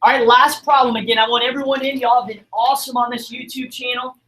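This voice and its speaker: A man's voice: extremely high pitch, little pitch movement, fast talker, sharp tone, slight background noise. A man teaching a math class in a classroom, upbeat and encouraging as he quizzes his students. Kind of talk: classroom lesson streamed online.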